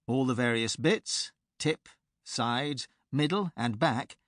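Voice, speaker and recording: A man presenting a pronunciation course in a clear, measured teacher's delivery, recorded close on a studio mic. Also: mid-range voice, a bit bright, no echo. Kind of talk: scripted instructional narration.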